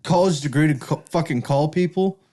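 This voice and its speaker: A man co-hosting a podcast, swearing often in loose, animated banter. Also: a little high, fairly quick, a little hiss or hum. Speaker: podcast co-host. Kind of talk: casual chat.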